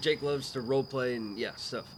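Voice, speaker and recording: A man's voice: medium pitch, moderate pace, a little hiss or hum. A man telling a story in casual chat outdoors at night, laid-back and laughing as he goes. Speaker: podcast guest. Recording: faint outdoor night ambience with crickets.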